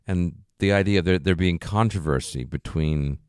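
A man's voice: low voice, moderate pace, darkish tone, clear, resonant tone, dry recording, studio quality. A man in a casual film discussion, thinking aloud in long, rambling sentences full of "you know" and "like". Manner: thoughtful, rambling, frequent fillers like "you know" and "like".

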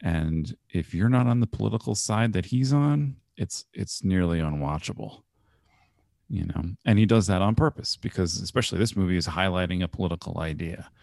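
Low gravelly man, dry podcast mic. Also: lively intonation, fairly quick, a little mellow, no echo. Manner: wry, storytelling, laughs often. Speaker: podcast co-host. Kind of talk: casual movie review chat.

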